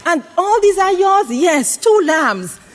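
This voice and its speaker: A woman's voice: very animated, takes it slowly. A woman preaching a sermon, putting questions to the congregation and asking them to call out their answers. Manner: varies pitch widely for emphasis.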